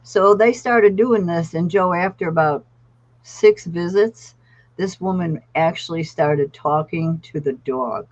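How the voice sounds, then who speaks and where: A woman guest, a therapy dog trainer, telling animated stories on a podcast. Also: fairly low pitch, takes it slowly, dull audio. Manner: animated storyteller acting out voices. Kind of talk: podcast storytelling.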